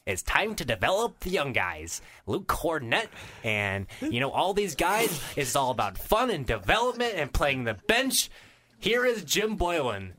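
A man's voice: a little high, pushed and bright. A man hosting a sports podcast, ranting in an exasperated, mocking way.

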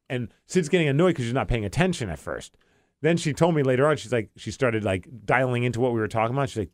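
A man's voice: medium pitch, a little fast, no echo, studio quality. A man on a podcast telling a story in casual chat, acting out both sides of the dialogue. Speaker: podcast host.

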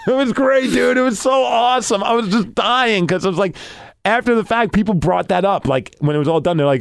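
Animated man telling a story, dry sound. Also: sits high, normal speed, creaky, dry recording. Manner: animated storytelling, acting out quoted lines. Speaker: podcast co-host and storyteller. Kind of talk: casual podcast chat.

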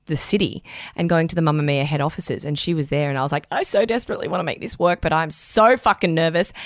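A woman's voice: low-pitched, no room sound, studio quality. A young woman hosting a podcast, rambling and swearing freely in casual chat. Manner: rambling, swears a lot, talks fast when excited. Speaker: podcast host. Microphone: studio headphones and mic.

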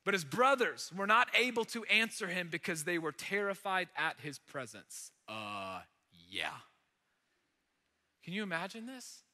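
High, bright-voiced man preaching in a hall. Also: unhurried. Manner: casual, animated storytelling with acted-out quotes. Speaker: pastor. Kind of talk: sermon retelling a Bible story.

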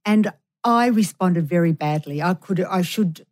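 A woman's voice: on the low side, measured pace, darkish tone. A middle-aged woman, a mother, answering an interview candidly and reflectively. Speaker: guest, a co-host's mother.

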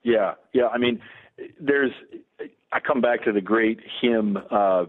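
Middle-aged pastor on a phone line. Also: male voice, on the low side. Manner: earnest, halting with many restarts. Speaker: Lutheran campus pastor. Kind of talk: radio interview guest.

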